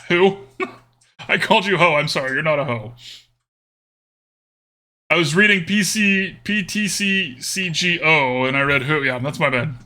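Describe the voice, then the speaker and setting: A man's voice: a little high, unhurried, pauses often, pushed and bright. A man streaming a card game live, joking with chat in a put-on drawling cowboy-style accent. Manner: joking, chatty, talks to chat with "y'all" and "friendo".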